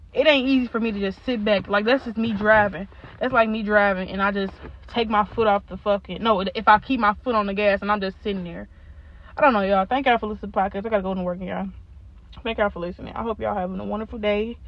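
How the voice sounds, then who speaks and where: A young woman hosts a solo podcast, venting bluntly and profanely with clear exasperation and laughing now and then. Her voice is mid-range and the sound is lo-fi.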